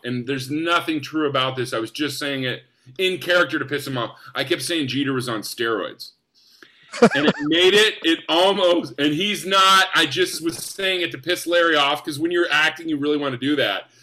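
Enthusiastic young man telling stories. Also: a little high. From United States. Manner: enthusiastic, animated. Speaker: actor guest. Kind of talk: casual storytelling.

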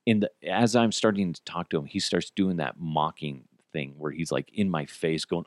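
A man's voice: on the low side, expressive, normal speed, no room sound, clean studio sound. A man in his thirties hosting a podcast, chatting casually, swearing freely and acting out the quotes in his stories. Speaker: podcast host. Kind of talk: casual storytelling chat.

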